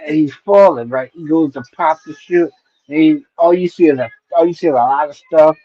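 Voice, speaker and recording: A middle-aged man with a slightly raised voice tells stories at a loose, wandering pace, often tossing in "right?" to keep listeners along. His stream audio sounds dull and lo-fi, with the top end muffled. The delivery is a relaxed, nostalgic chat. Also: a little high, fairly quick. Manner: rambling retelling, frequent "right?" and "you know" check-ins. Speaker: stream host. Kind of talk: casual nostalgic storytelling. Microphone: streaming mic.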